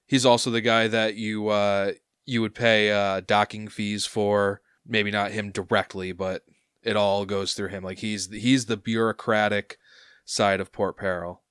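A man's voice: lowish voice, level tone, a little slow, fairly bright tone, clear, resonant tone, dry recording, studio quality. A man narrating a tabletop game as game master, rambling with lots of fillers.

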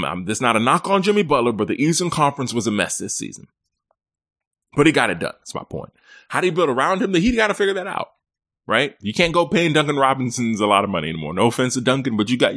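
A man's voice: mid-range voice, fairly bright tone. A man hosting a sports podcast on his own, giving conversational commentary and often breaking into playful impressions of players.

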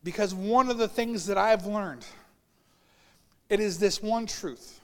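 A man's voice: high-pitched, slow pace, fairly bright tone, long reverb tail. A man preaching a sermon as pastor, telling personal stories and acting out the voices of people he quotes. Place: church sanctuary.

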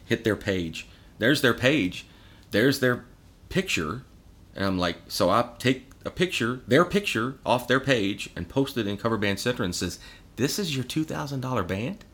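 An unhurried man with a mid-range voice chats casually on a podcast as a guest. He tells stories with lots of energy, swearing freely and acting out quotes.

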